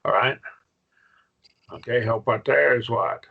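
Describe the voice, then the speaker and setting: A man's voice: medium pitch, a little slow, gravelly, husky, narrow, tinny audio. A man teaching a Greek grammar class online, patient and questioning, with frequent okays.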